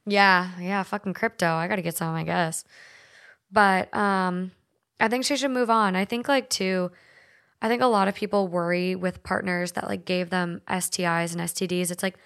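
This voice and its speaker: A woman's voice: on the low side, fairly even intonation, moderate pace, vocal fry, fairly bright tone, clean tone. A woman from Minnesota hosting a podcast, chatting loosely and reading stories aloud, with lots of "like" and frequent swearing. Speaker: podcast host.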